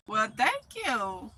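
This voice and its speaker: A woman's voice: high-pitched, bright, forceful tone, low-quality recording. A woman with a Mississippi Southern accent, hosting a live stream from a greenhouse, chatting casually and answering comments with laughs. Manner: chatty, talks back to comments, laughs often. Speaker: channel host reading live chat.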